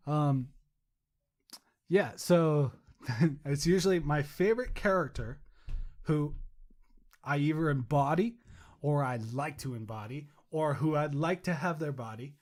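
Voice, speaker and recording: A man's voice: fairly high pitch, unhurried. A young adult man co-hosting a podcast, rambling casually, swearing and mocking himself. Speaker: podcast co-host.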